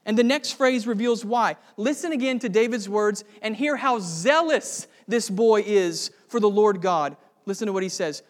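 High-voiced man preaching in a hall. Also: normal speed, few pauses. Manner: earnest preaching that builds to fervent emphasis. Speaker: pastor. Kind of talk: sermon.

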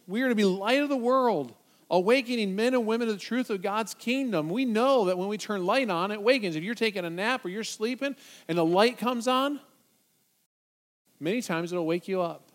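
A man preaching a sermon, emphatic and building to loud, urgent repetitions. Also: high voice.

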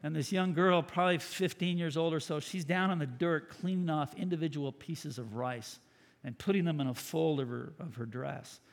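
Dramatic preacher in a reverberant hall. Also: male voice, on the high side, normal speed, vocal fry. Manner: dramatic storyteller, swings from loud to hushed. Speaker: pastor. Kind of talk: sermon storytelling.

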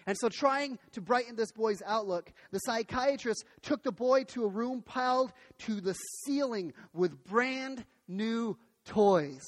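A man preaching a sermon as pastor, telling a story in an animated way, often restarting his sentences. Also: very high voice, a little slow, hardly any pauses. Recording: long hall reverb.

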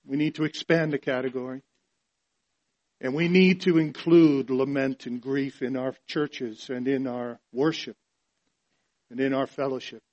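A male pastor preaching a sermon, swinging from hushed, quiet passages to loud, emphatic ones. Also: mid-range voice, steady tone, unhurried, highs cut off.

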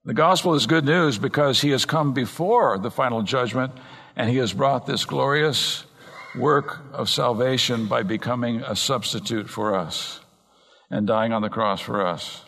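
A man preaching an earnest expository sermon from the pulpit, slowing down and speeding up to stress points. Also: mid-range voice, a bit bright. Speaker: pastor. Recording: long reverb in a large hall.

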